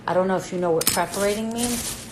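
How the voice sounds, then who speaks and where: A woman's voice: mid-range voice, fast, noisy background. A middle-aged woman telling a personal story on a casual livestream, blunt and chatty, swearing freely and acting out what people said. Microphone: phone livestream.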